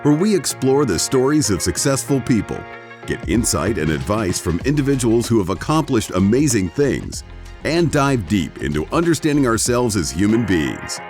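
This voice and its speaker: A man's voice: fairly low pitch, very animated, normal speed, darkish tone, soft background music. A man reading a polished scripted show introduction as announcer.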